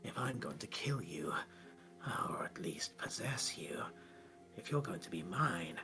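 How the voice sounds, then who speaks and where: A man voicing an ancient, cruel tentacled sea monster in a hoarse, breathy whisper, slow and taunting. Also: low-pitched, big pitch swings, sharp tone, soft background music, voice pushed down, exaggerated voice. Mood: menacing whisper.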